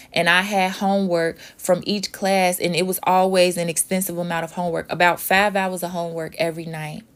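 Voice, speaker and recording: Frank young woman, candid storytelling. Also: lowish voice. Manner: emotional, frank, swears freely. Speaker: vlogger.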